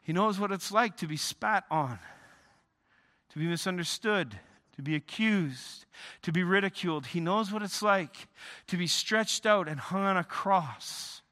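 A man preaching a sermon, emphatic, often repeating and restarting words, swinging between loud emphasis and quiet lows. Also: measured pace. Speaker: pastor.

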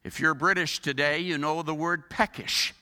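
A man's voice: fairly high pitch, fairly even intonation, moderate pace, bright, forceful tone, long reverb tail. A man preaching a sermon as a pastor, earnest, building his points with rhetorical questions.

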